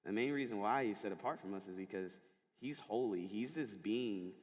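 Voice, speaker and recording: Man, low voice, relaxed sermon to students, chatty with lots of fillers, long hall echo. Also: moderate pace. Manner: casual, chatty storytelling with many fillers. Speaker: school chapel speaker. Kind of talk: sermon to middle school students. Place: large school chapel hall.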